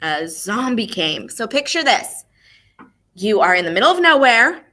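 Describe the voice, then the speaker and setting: A woman leads a music class for young children in a bright, ringing voice that sits a little high. She speaks slowly and expressively, asking questions and then answering them herself. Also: big pitch swings, a little hiss or hum. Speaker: elementary music teacher. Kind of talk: online lesson for young children.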